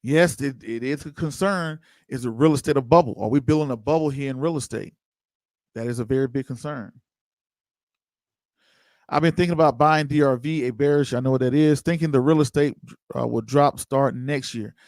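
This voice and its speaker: Hosting an investing livestream, a man chats loosely and reads viewers' comments, answering them by name. His voice is medium-pitched, brisk, and darkish, with no room sound.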